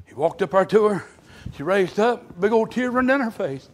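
A man preaching a fervent revival sermon in a church, moving between quiet storytelling and loud shouted exclamations. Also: high voice, lively intonation, moderate pace. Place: church sanctuary.

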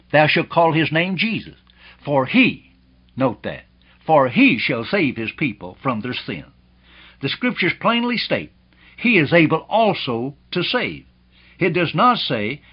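A man's voice: a little high, slightly rough. A man preaching a sermon in an emphatic, rhetorical way, often calling his listeners beloved. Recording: dull lo-fi old recording.

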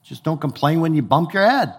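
A man's voice: on the high side, sing-song, brisk, husky. An older man preaching a sermon in a conversational way, often acting out the voices of people he quotes. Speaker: pastor.

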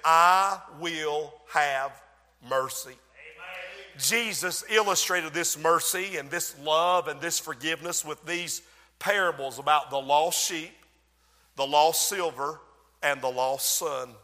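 Man, preacher, sermon, bright forceful tone, dramatic swells and drops, long hall echo. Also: on the high side. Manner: dramatic, swells and drops in loudness, slows for emphasis.

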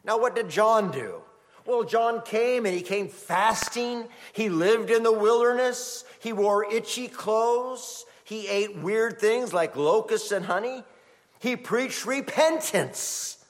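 A middle-aged man preaching a sermon as a pastor, telling stories in an animated way. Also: high-pitched, slow. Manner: animated storytelling, acts out quoted voices. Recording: long hall reverb.

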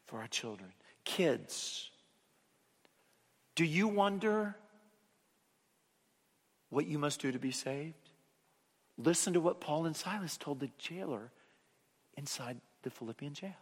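A fairly high-voiced man preaching a sermon with big swings in force, pressing key words loudly and then letting phrases fall almost to a whisper. His voice rings out with a long reverb, as in a large hall. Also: expressive, slow, pauses often. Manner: dynamic preaching, swinging from loud emphatic peaks to hushed low endings.

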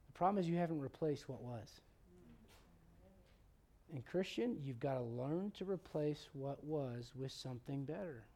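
A man's voice: on the high side, mellow. A man in his forties preaching a sermon, acting out Bible characters with humor. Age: 40s. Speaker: pastor.

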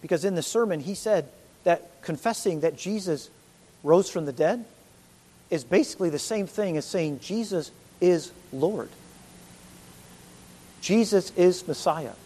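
Earnest high-voiced male preacher. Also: animated, measured pace, pauses often. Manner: earnest preaching, rising to loud emphatic peaks. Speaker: pastor. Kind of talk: sermon.

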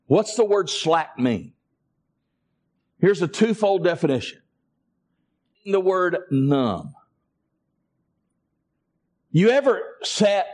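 A high-voiced male pastor preaching to his congregation. He calls out to the people in front of him and asks them to say amen. His delivery climbs steadily toward fervent, near-shouted peaks. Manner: preaching with a rising, impassioned build-up; calls to the congregation in a Southern US vernacular. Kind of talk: sermon.

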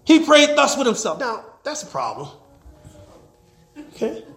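A man preaching a sermon as pastor. He swings from loud to hushed and laughs as he preaches. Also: very high-pitched, wildly swooping pitch, unhurried, reverberant. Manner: laughs while preaching, acts out quoted voices.

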